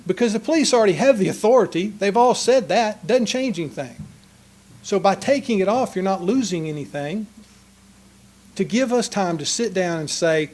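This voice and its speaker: A man's voice: high voice, animated, moderate pace, a little mellow. A man giving an earnest, passionate public comment speech at a council meeting. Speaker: citizen speaking at a city council meeting. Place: council chamber.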